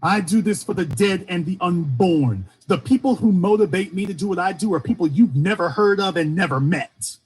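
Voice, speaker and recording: With a high voice and a faint Southern accent, a commentator from Shreveport, Louisiana, talks at normal speed with hardly any pauses. In his fervent streamed monologue he repeats rhetorical questions, his emphasis climbing and falling.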